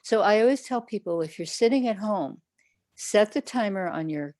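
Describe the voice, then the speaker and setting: A woman's voice: medium pitch, expressive, moderate pace, darkish tone, no room sound. A woman Zen teacher answering questions in a livestream talk, conversational, now and then acting out people's inner voices. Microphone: livestream setup.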